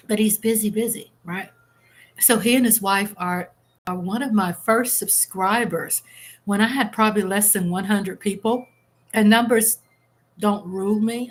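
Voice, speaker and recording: A woman's voice: medium pitch, normal speed. Chatty woman hosting a live stream. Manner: chatty and candid, reading out chat comments. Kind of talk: casual live chat with viewers. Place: at home.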